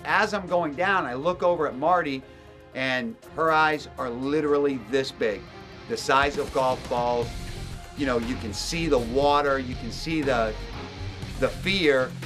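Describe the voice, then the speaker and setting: Man, hunting guide, emphatic storyteller, mid-pitched voice, faint music underneath. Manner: emphatic, repeats words for stress. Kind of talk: storytelling narration.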